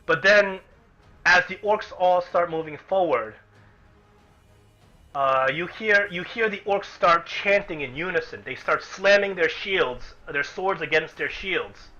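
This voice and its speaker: Bright-voiced man running a tabletop game. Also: high voice, a little slow. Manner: animated, chanting and shouting crowd sounds. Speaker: game master. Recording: dull lo-fi recording with music.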